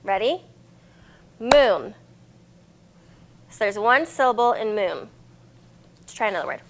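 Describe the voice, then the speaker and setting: A woman's voice: medium pitch, expressive, brisk, vocal fry, fairly bright tone. A young woman librarian leading a cheerful, encouraging children's lesson on poetry and syllables.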